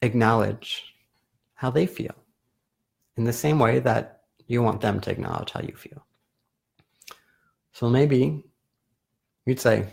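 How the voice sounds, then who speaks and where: Man, therapist, live-stream host, calm and explanatory, husky voice. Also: mid-range voice, normal speed, long pauses. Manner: calm, explanatory, self-correcting. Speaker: therapist hosting a live video. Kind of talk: casual live-stream talk.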